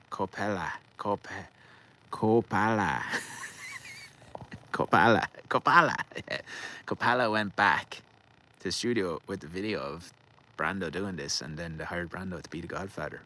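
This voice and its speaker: Out in a garden, an Irish vlogger with a deep, booming voice meanders through a laid-back story peppered with swearing. He laughs without effort and gets names muddled, his tone fairly bright. The audio is poor, with a faint hum from outside.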